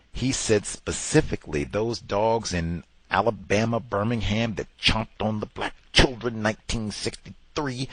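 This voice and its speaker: A man with a lowish voice hosts a podcast, giving an emphatic commentary monologue and imitating the people he quotes. The recording is dry.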